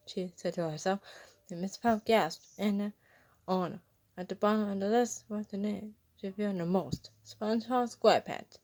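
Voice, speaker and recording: A woman's voice: medium pitch, normal speed, a little mellow. A woman reading a fan-written story aloud, stumbling and restarting over words. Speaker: reader. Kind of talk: fan fiction read-aloud.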